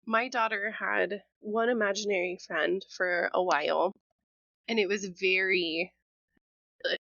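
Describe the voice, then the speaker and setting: A woman's voice: mid-range voice, fairly even intonation, measured pace, creaky, sharp tone, lo-fi sound. A woman co-hosting a podcast, earnestly explaining beliefs and then telling a personal story in a casual way. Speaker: podcast co-host.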